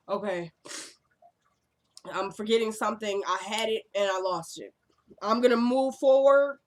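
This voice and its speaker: Woman, TV recap vlogger, mid-pitched, chatty and sassy, rambling delivery. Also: moderate pace. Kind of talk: casual episode recap.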